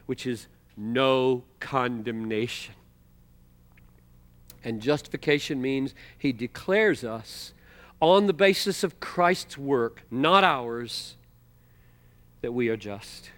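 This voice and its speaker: Male preacher, bright ringing tone, emphatic, loud-then-soft delivery, words drawn out for stress. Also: mid-range voice. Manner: emphatic, swings from loud exclamations to quiet asides; slows to stress key words. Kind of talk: expository sermon.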